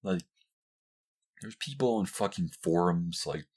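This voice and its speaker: A young man rants on his own podcast in a slightly low, husky voice. He rambles loosely, swears freely and leans on fillers from one thought to the next. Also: expressive, unhurried, a little mellow. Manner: profane, rambling, heavy use of filler "like"; mocks others in high squealing voices. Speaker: podcast host. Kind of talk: casual solo rant.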